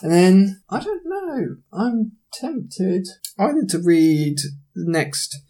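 A man's voice: high voice, slow pace. A man co-hosting a podcast, chatting casually about books and films, laughing easily and trailing off while he thinks. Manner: relaxed, laughs often, trails off in thought. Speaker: podcast co-host.

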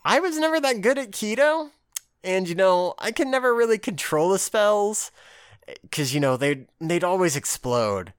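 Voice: mid-range voice, big pitch swings, normal speed, smooth, no echo, studio quality, voice pushed up, close to an everyday voice. A podcast co-host voicing a hot-headed young male swordsman in a plain, offhand retelling.

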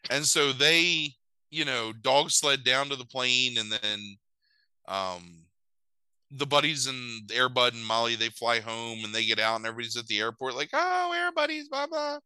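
A man casually retelling a movie plot with crude jokes, jumping into silly high voices for the characters. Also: moderate pace, smooth, no room sound, low-quality recording. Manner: animated, swears a lot, jumps into silly high voices for characters. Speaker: podcast host recapping a movie. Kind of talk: casual comedic chat.

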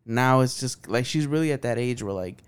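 A man's voice: medium pitch, normal speed, clear, resonant tone. A man in his thirties co-hosting a podcast, chatting casually with lots of profanity, filler words and laughs. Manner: laid-back, profane, laughs often, lots of "like". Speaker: podcast co-host. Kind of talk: casual chat.

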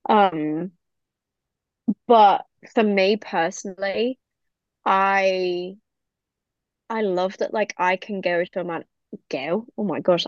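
A British woman from the UK, a business owner appearing as a podcast guest, chats enthusiastically in a casual interview, full of fillers and laughter. Her voice sits fairly low, and the recording is dull and dry with no echo.

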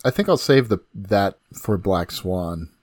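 A man co-hosting a casual film discussion, talking quickly and rambling with many restarts. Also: deep voice, animated, darkish tone, dry recording, clean studio sound. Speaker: podcast co-host.

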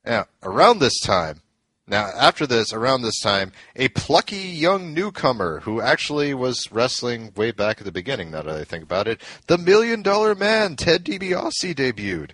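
A man's voice: lowish voice, expressive, moderate pace, sharp tone, dry recording. A man co-hosting a casual podcast, eagerly recounting old events and laughing often. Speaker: podcast co-host. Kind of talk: casual storytelling chat.

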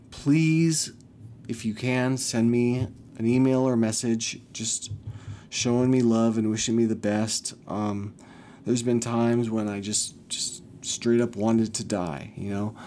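Male podcast host, shaky and emotional, swears a lot, warm dark tone. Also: medium pitch, a little hiss or hum. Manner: emotional, rambling, swears often. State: recovering from illness, shaky. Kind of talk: casual personal monologue.

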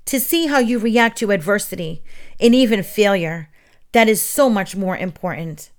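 A woman voicing a very old elder witch who speaks gently but firmly. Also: mid-range voice, animated, normal speed, natural voice. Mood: firm, kindly.

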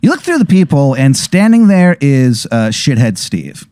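A man's voice: medium pitch, big pitch swings, normal speed, a little mellow, dry recording, clean studio sound. A man hosting a podcast who tells a comic hypothetical story in a rambling, profane way, full of fillers. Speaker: podcast host.

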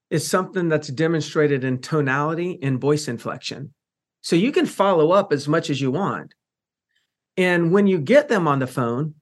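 Higher-pitched man, podcast host, emphatic, casual interview talk. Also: expressive, moderate pace, fairly bright tone. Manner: emphatic, explains with everyday examples.

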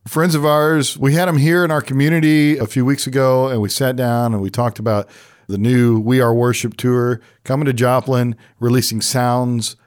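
A man's voice: mid-range voice, fairly even intonation, moderate pace. Laid-back man co-hosting a podcast. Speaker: podcast co-host. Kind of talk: casual chat.

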